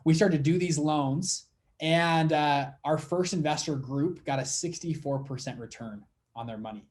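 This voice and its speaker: Young guy telling a story on an interview, kinda high voice, acts out the back and forth. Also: normal speed. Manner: animated storyteller acting out dialogue. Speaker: fund manager guest.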